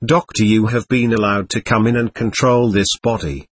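Man reading a patient doctor talking a ghost through it, husky, dry close sound. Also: on the low side, steady tone, normal speed, no room sound. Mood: calm. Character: calm male doctor guiding spirits. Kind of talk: reading a séance transcript aloud.

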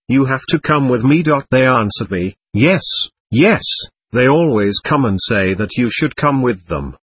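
A man telling a first-person story in a slow, measured way, pausing to say "dot" after sentences as if dictating. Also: mid-range voice, slightly rough, dry recording. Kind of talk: first-person spoken narration.

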